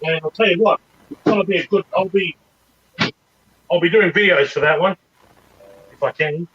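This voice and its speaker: A man's voice: high-pitched, moderate pace, slightly rough, dull audio. A man chatting on a video call, rambling and eager, often restarting his sentences. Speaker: regular panelist. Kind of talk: casual chat on a video call.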